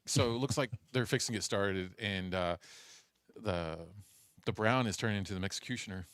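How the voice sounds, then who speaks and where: A man co-hosting a poker stream, bantering with deadpan jokes and playful boasts. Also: on the low side, a little fast, clear, resonant tone, no echo, studio quality. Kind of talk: casual joking banter.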